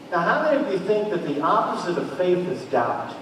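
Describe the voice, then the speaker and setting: High-voiced pastor in an echoing hall. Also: male voice, normal speed, few pauses, a little hiss or hum. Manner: animated storytelling, acts out quoted voices. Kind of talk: sermon. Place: large church hall. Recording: echoey church hall, mic far off.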